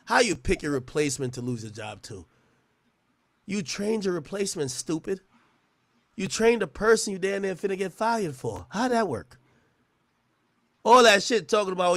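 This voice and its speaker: A man's voice: high voice, expressive, normal speed, vocal fry, no echo. A man delivering a profane, mocking roast rant, often stammering and restarting his words. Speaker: internet personality. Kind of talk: trash-talking roast rant.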